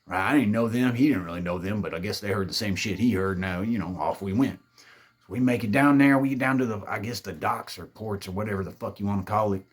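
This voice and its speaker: A man's voice: lowish voice, quick pace, slightly rough. A man telling a spooky party story in a laid-back, drawling, heavily profane way, acting out his friends' lines. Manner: laid-back, drawling, swears a lot, acts out quoted friends.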